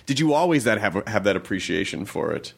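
A man's voice: lowish voice, very animated, a little fast, vocal fry, breathy edge. A man interviewing a guest with loose, chatty questions. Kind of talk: casual interview talk.

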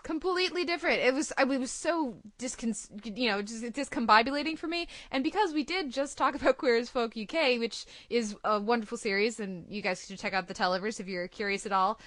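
Female podcast host, higher voice, quick, talkative. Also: a bit bright, no echo. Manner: quick, laughs easily, talkative. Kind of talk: casual TV discussion.

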